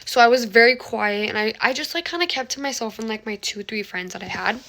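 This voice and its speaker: A young woman telling a casual story, animated and dramatic, full of fillers, dropping into whispers and jumping to shrieks. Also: fairly high pitch, fairly quick.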